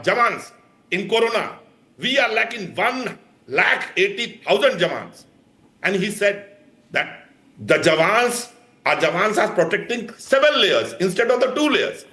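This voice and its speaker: A man's voice: sits high, pushed and bright, reverberant. A man with an Indian English accent arguing as a party spokesperson in a TV debate, pleading and insisting on his turn to speak. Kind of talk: heated TV debate.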